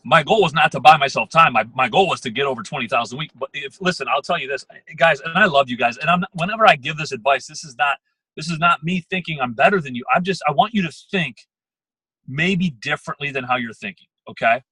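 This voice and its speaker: Emphatic, bright-voiced man coaching a sales team. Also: fairly high pitch, slightly rough, dry recording, rough recording. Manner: fast, emphatic, repeats words, coaching tone. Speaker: sales manager giving a team call. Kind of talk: motivational team talk. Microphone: phone or computer call.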